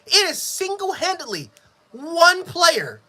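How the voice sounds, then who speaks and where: A man giving a live sports reaction, frustrated and profane, swinging between yelling and low muttering. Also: huge pitch swings, slow pace. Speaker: sports fan streamer.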